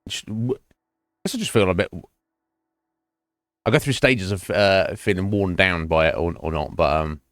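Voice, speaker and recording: A man's voice: low-pitched, moderate pace, long pauses, a bit bright, no room sound, studio quality. A man streaming live, chatting casually with his viewers in a rambling, self-mocking way and swearing freely.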